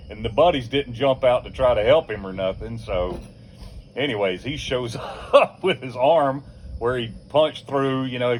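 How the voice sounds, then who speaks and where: A man's voice: medium pitch, a little hiss or hum. An older man casually telling a rowdy anecdote, swearing freely, chuckling as he goes and acting out other people's voices. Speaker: storyteller.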